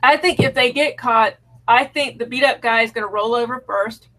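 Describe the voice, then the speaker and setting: A woman with a somewhat high voice sharing her take on a crime drama with her co-host. Her delivery is easygoing and dry, like casual podcast talk. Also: moderate pace, sharp tone. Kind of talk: casual chat reviewing a TV show.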